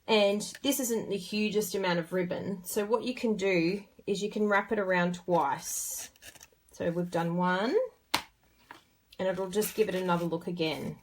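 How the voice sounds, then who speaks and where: A woman's voice: mid-range voice, steady tone, a little slow. An Australian woman hosting a casual craft tutorial, chatty and bubbly as she talks through each step while working with her hands.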